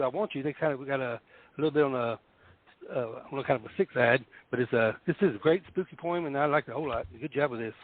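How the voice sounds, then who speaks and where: A man rattles off eager praise for a poem, talking very quickly. His voice is a little high for a man. It comes through a narrow, phone-like line. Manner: enthusiastic, quick and effusive. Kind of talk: casual chat. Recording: tinny phone-like online audio.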